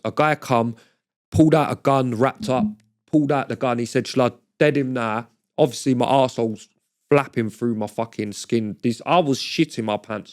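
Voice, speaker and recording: A man's voice: mid-range voice, darkish tone. A middle-aged man, a podcast guest telling stories in blunt, swearing street slang. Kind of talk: casual storytelling chat.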